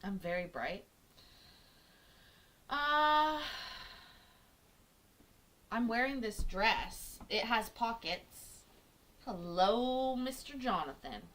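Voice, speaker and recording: A woman's voice: mid-range voice, expressive, drawn-out words, long pauses, bright, forceful tone. A woman hosting a casual livestream from her kitchen, chatting with viewers in a jokey, self-teasing way and swearing freely. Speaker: livestream host reacting to court videos. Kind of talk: casual chat to a live audience. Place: home kitchen.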